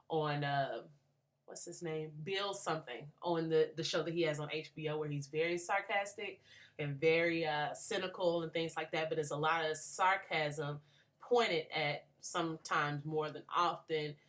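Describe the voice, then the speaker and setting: Young woman from atlanta talking through a book, low voice, lots of ums. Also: a bit bright. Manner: thoughtful, many fillers and restarts. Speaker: graduate student. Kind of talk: reflective book response.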